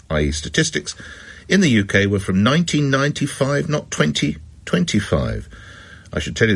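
A man's voice: on the low side, breathy edge. A man hosting a radio phone-in show, reading news items and talking with callers, with chatty, wry asides.

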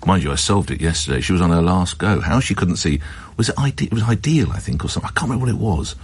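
A man's voice: sits low, expressive, fast talker, breathy edge. A man hosting a radio phone-in show, reading news items and talking with callers, with chatty, wry asides.

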